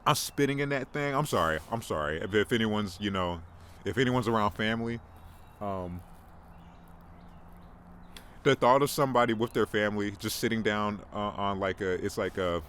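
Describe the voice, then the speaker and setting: A young man with a fairly low voice rambles through a casual podcast story, poking fun at himself and tripping over his words. A faint hiss of noise sits behind him. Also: normal speed, pauses often, fairly bright tone. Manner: rambling, self-mocking, stammers and repeats words. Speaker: podcast host. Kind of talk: casual monologue.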